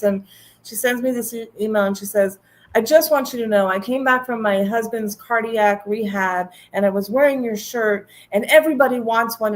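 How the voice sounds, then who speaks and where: Woman guest telling an animated story. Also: fairly high pitch. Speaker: panel guest. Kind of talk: storytelling in casual chat.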